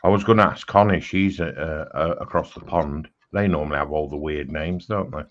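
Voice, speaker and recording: A man's voice: very deep voice, normal speed, dull audio, slight background noise. A British man streaming a casual chat while building a model, laid-back and jokey.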